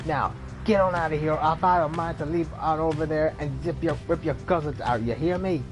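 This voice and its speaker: A brash male ruffian with a Cockney accent, played by a man reading a game aloud, pitched high and pushed loud. He jeers and threatens in every line. Game music plays behind him. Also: a little fast, close to an everyday voice. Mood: jeering. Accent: attempted Cockney.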